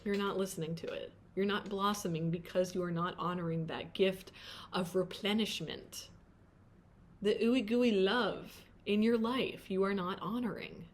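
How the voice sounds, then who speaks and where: A woman's voice: medium pitch, a little hiss or hum. A woman doing a pick-a-card tarot reading, chatty and playful, often breaking off mid-thought and laughing at herself. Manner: chatty, self-interrupting, sings snatches of song.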